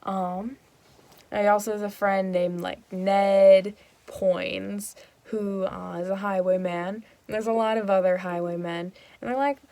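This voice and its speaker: A woman's voice: medium pitch, flat delivery, measured pace, creaky, warm tone, dry recording. Casual rambling young woman. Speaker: host. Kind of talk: comic plot summary.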